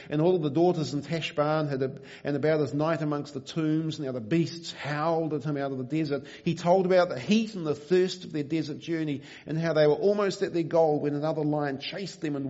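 A man preaching a sermon, reading a story aloud in a measured, quiet way. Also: a little high. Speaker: pastor. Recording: dull lo-fi recording.

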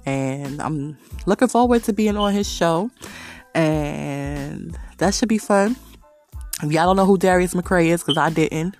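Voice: mid-range voice, lively intonation, slow pace, pauses often, soft background music. A podcast host telling rambling stories in a casual monologue, swearing constantly and laughing often. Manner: profane, rambling storytelling.

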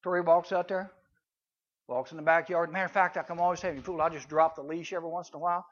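A man's voice: on the high side, fairly even intonation, quick pace. A middle-aged man teaching youth in a folksy way, telling stories with sound effects and voices. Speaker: camp speaker. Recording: dull lo-fi recording.

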